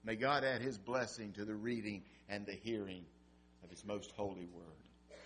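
A man preaching a sermon and reading scripture aloud, slow and dramatic, swelling loud and dropping to a hush. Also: lowish voice, steady tone, a little hiss or hum. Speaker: pastor.

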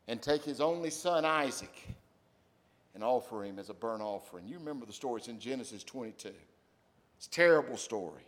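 A man preaching a sermon, addressing his congregation directly with questions and swinging between loud exclamations and quiet asides. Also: mid-range voice.

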